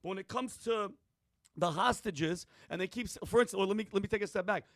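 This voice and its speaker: Panelist, male, high dry voice, loose and rambling. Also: fast talker, a bit bright, no room sound. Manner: rambling, restarts, casual slang. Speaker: podcast panelist. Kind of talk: heated podcast discussion.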